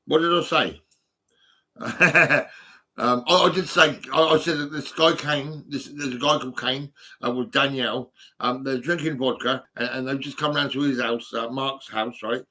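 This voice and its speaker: A man's voice: medium pitch, steady tone, normal speed, sharp tone. A middle-aged man from Hampshire with a southern English accent, chatting casually into a phone in a small home room, rambling and swearing, with many halts and fillers. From England, Hampshire. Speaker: vlogger.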